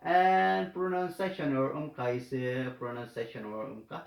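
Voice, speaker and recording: A man teaching a language lesson in a slow, halting way, with many fillers and repeated words. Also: medium pitch, steady tone, gravelly. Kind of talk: slow hesitant tutorial explanation. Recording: echoey room.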